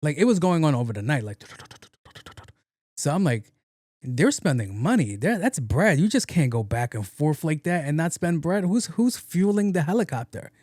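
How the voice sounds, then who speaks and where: A man's voice: fairly high pitch, big pitch swings, normal speed, a little mellow, no room sound, clean studio sound. A young man hosting a casual solo podcast, rambling with slang and swearing. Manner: rambling, profane, slangy, acts out quotes. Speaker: podcast host.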